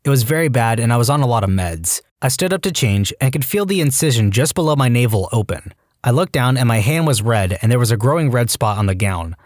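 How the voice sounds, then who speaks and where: A man with a mid-range voice narrates online stories from a script, speaking a little fast. The delivery is lively, and he acts out quoted lines in shifting voices, captured in a dry, clean studio recording.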